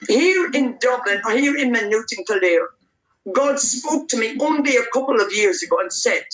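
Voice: mid-range voice, expressive, moderate pace, fairly bright tone. A preacher leading fervent, repetitive prayer and preaching at a church service. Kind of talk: prayer and sermon. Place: church service, based near Dublin. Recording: echoey room.

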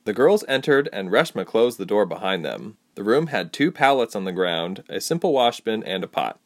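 A woman narrating a story in an expressive, animated reading. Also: a bass voice, normal speed, few pauses, no room sound, clean studio sound.

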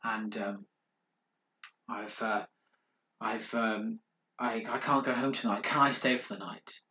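A man's voice: lowish voice, steady tone, slow pace, bright, forceful tone. A man playing an anxious male market trader who stammers and pleads for a room. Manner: hesitant, pleading. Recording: roomy echo.

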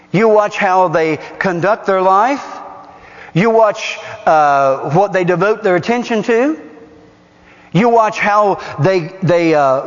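A man preaching a sermon as pastor, emphatic and firing rhetorical questions at his congregation. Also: high-pitched. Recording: dull recording with long hall reverb.

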